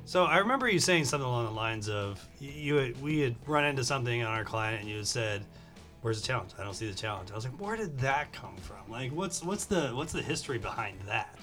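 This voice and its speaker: Relaxed male podcast co-host, middle-pitched voice, laid-back and affirming. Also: fairly quick, few pauses, faint music behind. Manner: easygoing, agreeable, frequent short affirmations. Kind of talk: casual podcast chat. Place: living room.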